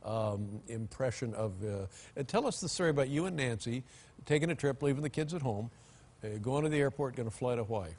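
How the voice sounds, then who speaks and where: A man in his sixties hosting a late-night talk show, asking dry questions full of halting restarts. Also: mid-range voice, lively intonation, a little mellow. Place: television studio with live audience.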